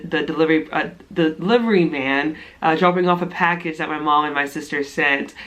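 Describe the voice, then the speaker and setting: A woman's voice: deep voice, rough recording. A woman vlogging at home, gushing and laughing as she unboxes a care package. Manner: excited, gushing, often laughing. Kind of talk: casual vlog unboxing.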